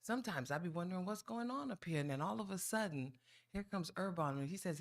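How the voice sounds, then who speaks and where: Woman, lower voice, folksy, teasing, playful, public comment at a town council. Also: animated. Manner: playful, folksy and teasing, with drawn-out "ooh" exclamations. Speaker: resident giving public comment.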